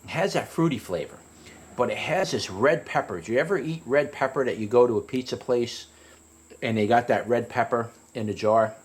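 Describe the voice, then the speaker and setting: At a moderate pace, a man gives a casual, rambling review of a hot pepper. He keeps restarting sentences, and his voice climbs higher when he retells a story.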